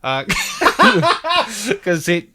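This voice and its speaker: A man co-hosting a podcast in casual chat, high-energy and animated, laughing often. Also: drawn-out words, very noisy. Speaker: podcast co-host.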